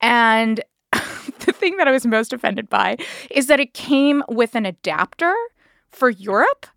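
Animated woman telling a story, dry close mic. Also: a little high, unhurried, gravelly, no room sound. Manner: animated, laughs while telling, acts out quotes. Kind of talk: casual storytelling.

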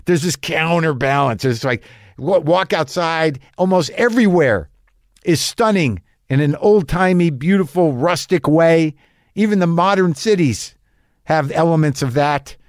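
A man's voice: fairly high pitch, a little slow, no room sound, studio quality. A man musing in a rambling casual monologue, often restarting his sentences and swearing now and then. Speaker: comedian.

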